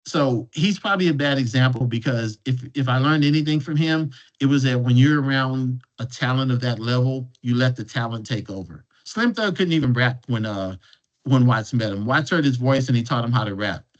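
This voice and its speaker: A man's voice: medium pitch, normal speed, highs cut off. A man as a guest speaker telling stories in a conversational way, often restarting and repeating words. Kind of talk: conversational storytelling.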